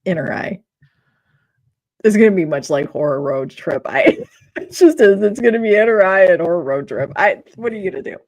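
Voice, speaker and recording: A woman's voice: on the low side, expressive, normal speed, darkish tone. Giggly woman co-hosting a casual podcast. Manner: giggly, rambling, restarts often. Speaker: podcast co-host. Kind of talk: casual chat.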